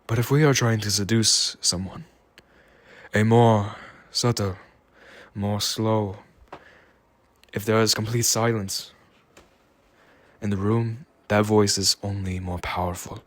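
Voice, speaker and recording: A tired man talking slowly in a rambling, reflective solo monologue. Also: on the low side, steady tone. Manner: slow, rambling, musing. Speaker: vlogger.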